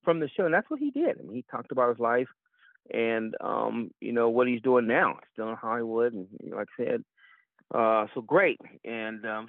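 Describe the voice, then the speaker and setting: A man's voice: mid-range voice, big pitch swings, moderate pace, dry recording. A man co-hosting from a small Southern town, chatting casually and rambling with fillers. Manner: warm rambling praise, many fillers. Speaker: co-host. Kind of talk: casual interview chat. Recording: tinny phone line.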